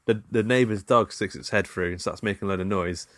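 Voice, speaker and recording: A man's voice: on the low side, a little fast, no room sound, clean studio sound. A British man recapping a film in casual chat, rambling with laughs and fillers. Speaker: podcast co-host.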